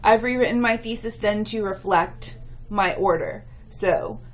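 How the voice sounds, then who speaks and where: A woman's voice: mid-range voice, a little slow. A woman writing instructor giving a recorded lecture and patiently explaining slides to her students. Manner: patient and explanatory, with some fillers.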